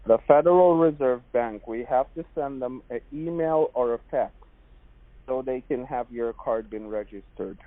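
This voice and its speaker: A man's voice: medium pitch, normal speed. Pushy Jamaican man on a tinny phone line. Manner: pushy, repeats "madam" and "sweetheart". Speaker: phone scammer. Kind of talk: phone sales pitch.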